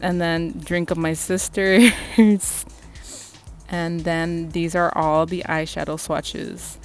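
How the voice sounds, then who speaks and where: A young woman vlogger casually reviewing makeup, gushing and excitable and swearing freely. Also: fairly low pitch, slow, faint music behind. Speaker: beauty vlogger.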